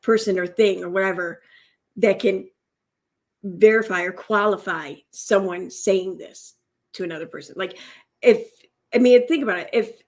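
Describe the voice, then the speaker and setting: Husky-voiced sarcastic woman commentator. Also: medium pitch, darkish tone. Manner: sarcastic, musing, filler-heavy. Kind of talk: casual reaction commentary.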